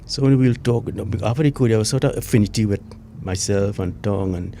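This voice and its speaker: A man's voice: fairly low pitch, brisk, creaky, warm tone, slight background noise. An older man with a Trinidadian accent, a retired police inspector recounting events emotionally as a guest, full of local slang and repetition. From Trinidad and Tobago. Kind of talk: emotional interview recollection.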